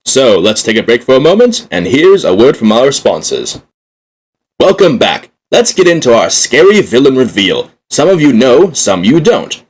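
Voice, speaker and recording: A man's voice: mid-range voice, big pitch swings, normal speed, slightly rough. A man hosting a scripted fan talk show with an upbeat announcer manner.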